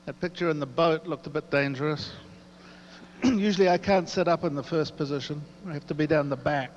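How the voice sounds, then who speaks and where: A man's voice: a little high, brisk. Kiwi guy doing an after-dinner speech, dry jokes, dull echoey sound with a faint hum. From New Zealand. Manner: dry, joking storyteller.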